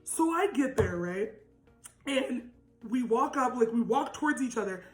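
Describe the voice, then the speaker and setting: A young woman with a naturally loud voice telling a storytime vlog, animated and laughing, with lots of "like". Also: on the high side, a little slow, reverberant, soft background music, poor audio. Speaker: vlogger.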